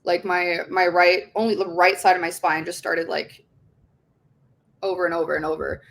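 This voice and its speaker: A woman in her twenties, a podcast guest telling her story in a casual, chatty way, with lots of "like" fillers, frequent swearing and an animated delivery. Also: on the low side, normal speed. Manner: heavy use of "like" fillers.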